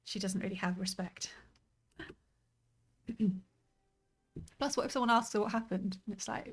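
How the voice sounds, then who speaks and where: A woman's voice: medium pitch, a little slow, pauses often, slightly rough. A woman streaming a story game, thinking aloud and chatting casually as she plays. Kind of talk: let's play commentary. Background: faint game music.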